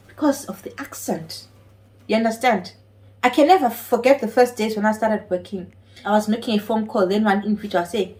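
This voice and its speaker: A woman's voice: a little high, normal speed, low-quality recording. A woman with a non-native English accent, a care home nurse speaking earnestly and emphatically in a personal vlog. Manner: earnest, emphatic, repeats key phrases. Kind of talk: personal vlog talk to camera.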